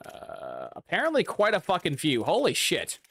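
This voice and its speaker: A man's voice: a little high, wildly swooping pitch, moderate pace, gravelly, a bit bright. A man giving casual, profane, sarcastic commentary while playing a video game. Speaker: gaming streamer.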